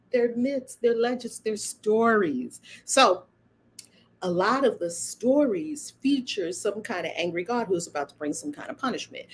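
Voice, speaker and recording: A woman hosting her own channel, giving a casual spiritual monologue in an animated, emphatic and preachy way, often breaking into laughter. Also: mid-range voice. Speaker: channel host and spiritual speaker.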